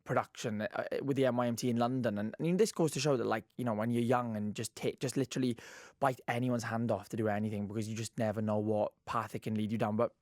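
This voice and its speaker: A man's voice: medium pitch, fairly even intonation, fast, darkish tone, dry recording, clean studio sound. Chatty young Welsh Valleys man. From Wales. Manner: chatty and gushing, laughs often, many fillers. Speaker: guest actor. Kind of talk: casual radio interview chat. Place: radio studio.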